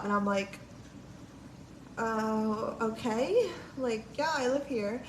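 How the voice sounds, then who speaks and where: In an echoey room with a little background noise, a woman on a livestream tells a long, casual story packed with "like," quotes from people and free swearing. Her voice is on the high side and she speaks slowly.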